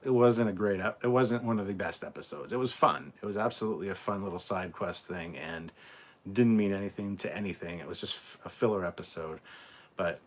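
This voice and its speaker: A man's voice: sits low, a little fast. A Scottish man hosting a casual live reaction stream, reading out viewer comments in a laid-back, chatty way and swearing freely. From Scotland.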